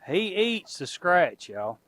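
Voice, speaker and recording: A man's voice: sits high, sing-song, takes it slowly, fairly bright tone, dry recording. A middle-aged man, chatting casually to his viewers and animals outdoors on a farm. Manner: folksy, talks to animals and viewers. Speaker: homestead vlogger.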